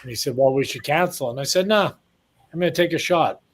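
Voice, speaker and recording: A man's voice: a little high, fast. A man in his sixties from Canada, a former boxer telling long rambling stories in a casual interview. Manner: rambling anecdotes, acts out quoted lines.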